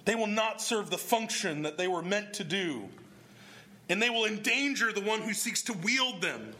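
A man's voice: sits high, lively intonation, moderate pace, sharp tone. A man preaching a sermon, explaining scripture verse by verse and putting questions to his congregation. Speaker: pastor.

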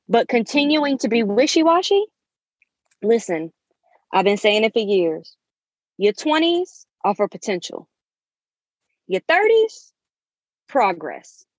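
A woman's voice: a little high, dry recording, lo-fi sound. A woman in her thirties hosting a podcast, giving an emphatic, preachy motivational talk with endearments. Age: 30s. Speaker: podcast host.

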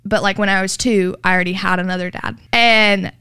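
Her voice is medium-pitched with a sharp, clean tone, and she speaks briskly in a steady tone. In this interview she gives an earnest personal testimony, filling it with "like" and acting out quoted dialogue. The recording is dry, with clean studio sound.

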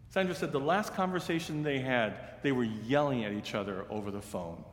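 A man, a pastor and seminary teacher, tells a story in a sermon, earnest, and he grows hushed and slow in the sad parts. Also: medium pitch, a little hiss or hum. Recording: reverberant hall with faint ambience.

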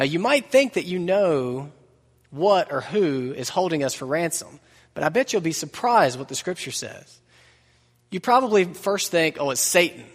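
Joking pastor preaching in a hall. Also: male voice, a little high. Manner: conversational preaching with asides and humor. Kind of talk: sermon. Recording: long reverb of a large hall.

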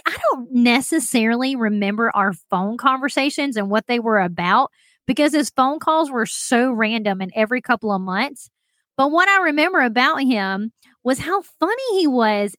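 A woman's voice: on the high side, fairly bright tone, no echo. Chatty upbeat woman podcaster. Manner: chatty, upbeat, laughs often. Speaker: podcast host. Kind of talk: solo podcast talk.

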